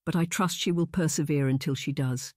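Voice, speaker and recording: A man narrating an audiobook voices an indignant young lady who speaks flatly and coolly. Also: fairly high pitch, brisk, no echo, studio quality, lightly acted. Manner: flat, cool.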